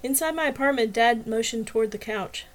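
A woman reading her own novel aloud as an audiobook, in clear, steady first-person narration. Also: on the high side, a little fast.

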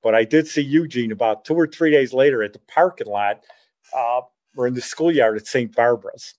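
A middle-aged man recounting a childhood memory in loose, rambling storytelling, often correcting himself as he goes. His voice sits in an ordinary male range, animated and conversational. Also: medium pitch, moderate pace. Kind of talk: casual spoken reminiscence.

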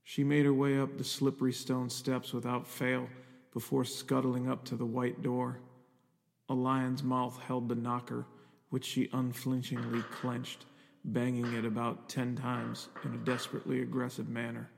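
Flat-voiced man narrating a horror story. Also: mid-range voice, creaky. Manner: measured, even storytelling. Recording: long reverb with music underneath.

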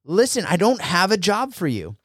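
A man's voice: high-pitched, huge pitch swings, moderate pace, fairly bright tone, no room sound, studio quality, pitched above the performer's own voice, full character voice. A man playing a brusque male radio station manager who curtly turns people away. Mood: dismissive. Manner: curt, dismissive.

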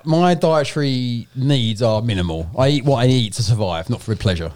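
A man's voice: medium pitch, animated, normal speed, darkish tone. A man hosting a casual podcast, joking and reading listener questions. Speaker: podcast host.

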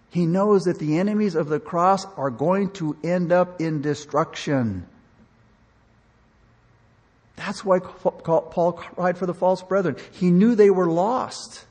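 Preacher guy, kinda high voice, husky, earnest sermon w/ lots of restarts, big echoey church hall. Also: takes it slowly, pauses often, darkish tone. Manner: earnest, emotional preaching with repeated restarts and "man"; acts out dialogue in the story he tells. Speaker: pastor. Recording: long reverb of a large hall.

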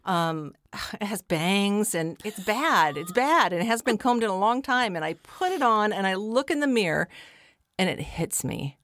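A woman co-hosting a podcast, telling a personal story in a casual, animated way with some swearing. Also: medium pitch, normal speed, dry recording, studio quality. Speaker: podcast co-host.

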